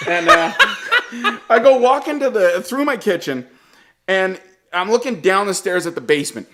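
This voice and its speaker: A man telling a comedic story, animated and profane, laughing as he goes. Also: sits high, normal speed, pauses often, slight background noise. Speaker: storyteller guest.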